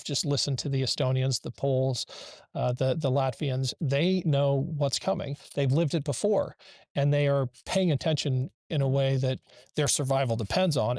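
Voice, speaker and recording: A man's voice: mid-range voice, darkish tone, no echo. Earnest man on a dry call line. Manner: earnest, repeats words as he restarts. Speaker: guest. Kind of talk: remote interview. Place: in a war zone abroad. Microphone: video call over a weak internet link.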